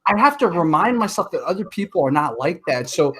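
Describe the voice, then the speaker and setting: A man in his thirties talking casually as a podcast guest, telling stories in an animated way with lots of filler words. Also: fairly high pitch, fairly quick, husky. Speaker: podcast guest, martial artist. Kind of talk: casual chat.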